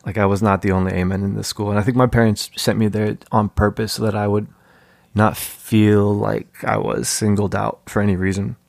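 A man's voice: lowish voice, level tone, fairly quick, vocal fry, a little mellow, dry recording. A man telling casual, jokey stories as a podcast guest, in a laid-back way. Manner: laid-back, jokey, mimics voices in anecdotes. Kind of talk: casual storytelling.

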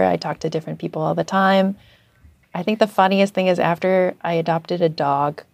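Chatty low-voiced woman, dry sound. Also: gravelly, no echo. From Canada. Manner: chatty, animated storytelling with many fillers. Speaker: guest, journalist. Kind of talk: casual interview chat.

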